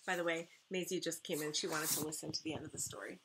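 A woman's voice: deep voice, fairly even intonation, quick pace, background noise. A woman teacher reading a storybook aloud to her class from her living room, with chatty asides. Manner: chatty asides with light laughter.

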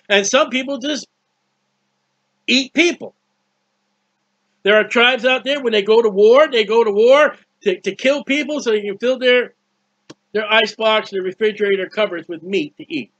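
A man's voice: high voice, fairly bright tone, dry recording. A man preaching a fervent sermon, with many restarts and repeated words. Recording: dull lo-fi recording.

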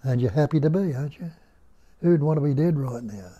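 An older man with an Australian accent, giving a slow, musing spiritual talk at home and putting rhetorical questions to his listeners. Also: on the high side, lively intonation, dark tone, slightly rough, dull audio. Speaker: spiritual teacher. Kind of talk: unhurried nondual teaching talk. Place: indoor room at home.

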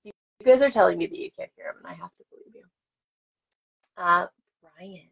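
Give me a self-deprecating woman chatting live with fans, a bit husky, muffled recording. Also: fairly low pitch, wildly swooping pitch, a little fast, a bit bright. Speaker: actress signing autographs for fans. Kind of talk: live-stream Q&A chat. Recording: dull lo-fi stream audio.

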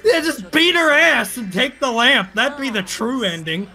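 A rowdy streamer loudly heckling a movie with crude jokes. The voice leaps up and down in pitch. Clear music plays under the talk. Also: lively intonation, a little slow. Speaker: reaction streamer. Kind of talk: loud casual commentary.

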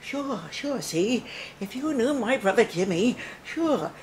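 A woman's voice: a little high, expressive, slow, a little hiss or hum, pitched above the performer's own voice. An older woman putting on a swaggering gangster's kid sister with clipped, tough-talking patter. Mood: cocky.

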